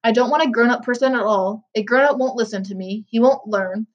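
An eccentric old candy maker who talks in a brisk, lively way, as a woman reads him. The voice sits fairly high for her. The recording sounds dull and lo-fi. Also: close to an everyday voice.

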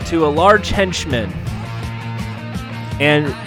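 A man's voice: fairly high pitch, expressive, unhurried. Man, casual recap host, sarcastic and profane, faint music underneath.

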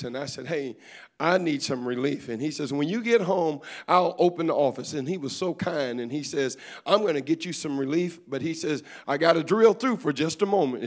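A man preaching a sermon as bishop to a congregation, with call-and-response, "amen" after nearly every line, folksy humor and storytelling, and rising fervor. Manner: builds to loud, higher-pitched fervor. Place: church service before a congregation.

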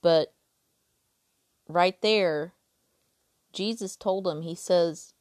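A woman's voice: lowish voice, extremely slow, long pauses, a little mellow, no echo, clean studio sound. A woman reading a Bible passage aloud and then talking it through casually and earnestly, with some restarts. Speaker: podcast host.

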